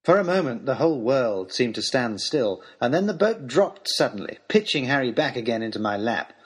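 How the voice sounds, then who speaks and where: A man telling a storybook adventure in the first person, reading with expressive, dramatic delivery. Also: mid-range voice, normal speed, husky. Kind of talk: scripted first-person narration.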